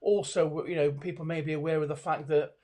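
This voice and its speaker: A middle-aged man with a somewhat high voice talks as an expert guest over a webcam call. He hesitates often, restarting phrases and filling gaps with ums and you-knows. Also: fairly even intonation, a little fast, darkish tone. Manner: hesitant, many fillers and restarts. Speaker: body language expert guest. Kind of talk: conversational video call interview. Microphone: video call webcam.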